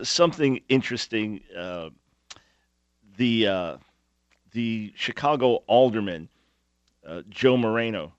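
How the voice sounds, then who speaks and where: A man's voice: on the low side, dry recording, lo-fi sound. A man hosting a talk radio show, speaking emphatically with sarcastic asides.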